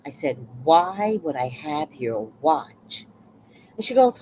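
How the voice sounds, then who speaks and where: Woman, low-pitched and lively, casual storytelling vlog, faint room noise. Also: slow pace. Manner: animated, acts out quoted voices.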